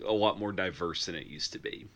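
A man's voice: low-pitched, brisk, a bit bright. A man in his thirties co-hosting a horror movie podcast, telling wry, self-mocking stories in casual chat. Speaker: podcast co-host.

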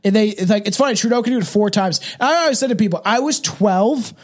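A man with a notably high voice hosts a casual podcast chat. He rambles through stories, full of fillers and restarts. He sounds like a man in his thirties from Canada. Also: quick pace. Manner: rambling storytelling with frequent fillers and laughs. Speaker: podcast host.

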